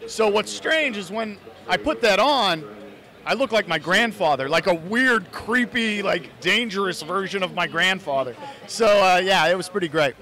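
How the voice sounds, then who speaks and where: An American man with a high, forceful voice answers interview questions. He talks earnestly and at length, often restarting phrases as he goes. His tone is bright and energetic. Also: normal speed. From United States (Idaho). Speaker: actor and fan filmmaker, interview guest. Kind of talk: casual interview.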